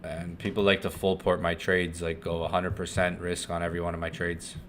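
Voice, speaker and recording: A man hosting a live trading stream, chatting loosely and swearing, swinging from hyped call-outs to low muttering. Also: monotone, fairly quick, a bit bright, slight background noise. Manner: loose and profane, swings between hype and muttering. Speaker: forex trading livestream host. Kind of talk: casual live-stream chat.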